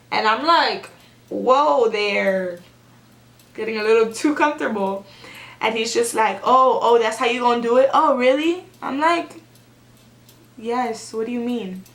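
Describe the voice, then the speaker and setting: Young woman, casual storytime, sarcastic, chatty, fairly high voice, echoey room. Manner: animated and sarcastic, heavy use of "like". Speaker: vlogger.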